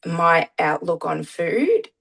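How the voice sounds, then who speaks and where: Chatty middle-aged woman, low voice. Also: big pitch swings, takes it slowly, creaky, a bit bright, breathy edge, low-quality recording. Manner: chatty, many "um" fillers. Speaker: guest, parent. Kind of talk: casual interview storytelling.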